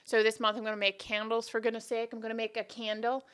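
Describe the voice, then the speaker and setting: A woman's voice: fairly high pitch, monotone, quick pace, a bit bright, smooth. A woman hosting her own podcast, chatting casually and rambling off on tangents in a self-deprecating way. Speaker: podcast host. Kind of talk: casual solo podcast chat.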